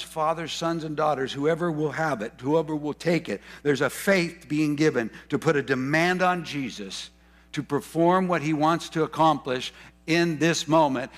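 A man delivering a fervent sermon in a somewhat high voice. He repeats key phrases for emphasis and wanders into asides, correcting himself as he goes. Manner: rambling asides and self-corrections. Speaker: pastor.

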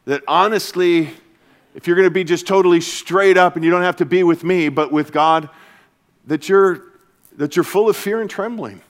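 A man preaching as a pastor to his church, earnest and energetic, dropping to a soft, hushed voice for comforting passages. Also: high voice, normal speed. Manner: earnest, shifts to soft hushed tones when quoting Jesus. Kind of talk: sermon. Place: church service.

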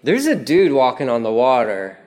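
A man preaching a casual, conversational sermon, telling the story vividly and acting out prayers in a raised voice. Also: moderate pace. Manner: animated storytelling, acts out prayers in a raised pitch. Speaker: pastor.

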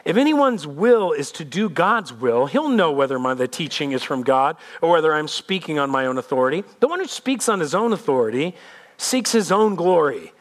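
A man's voice: on the high side, big pitch swings, moderate pace. A male pastor giving a sermon in an emphatic, conversational way, repeating points for weight.

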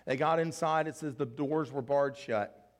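A man's voice: on the high side, normal speed. A male pastor preaching a sermon with an earnest, emotional, pleading delivery.

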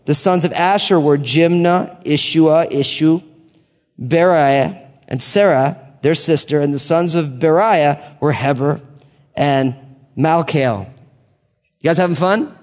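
An American man leads a verse-by-verse Bible teaching, his voice sitting a little high for a man. He reads through passages and slips into easy, joking asides. Long reverb trails each phrase, as if he's in a big hall. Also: slow, a little mellow. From United States. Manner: casual and joking between readings.

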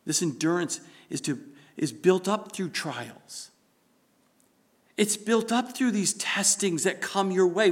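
A man's voice: high voice, animated, takes it slowly. A middle-aged man preaching a sermon as pastor, building emphasis through repetition and quotations from scripture.

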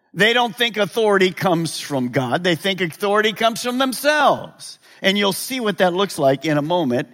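A male pastor preaching a sermon, animated and joking, asking the congregation rhetorical questions. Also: fairly high pitch. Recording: long hall reverb.

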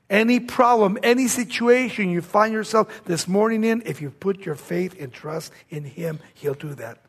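A man preaching a sermon, swinging between raised exclamations and hushed, low-spoken lines.

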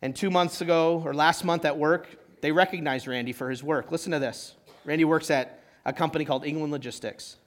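High-voiced man preaching a sermon. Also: brisk, few pauses. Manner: conversational preaching with rhetorical questions; swings from loud emphasis to quiet, near-hushed lines. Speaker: pastor.

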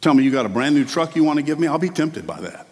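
A male pastor preaching a sermon with passion, his delivery swinging between quiet asides and loud climbs. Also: on the high side, animated, fast talker, in a large hall.

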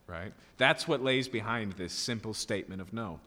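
A man's voice: fairly low pitch, moderate pace, bright, forceful tone. A man preaching an expository sermon, emphatic and full of rhetorical questions and checking "okay?" tags. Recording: long hall reverb.

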